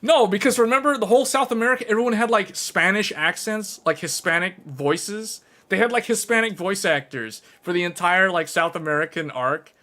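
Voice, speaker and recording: Rambling man with a high-ish voice. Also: brisk, few pauses. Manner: rambling, animated, laughs often. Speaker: streamer. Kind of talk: casual chat with viewers.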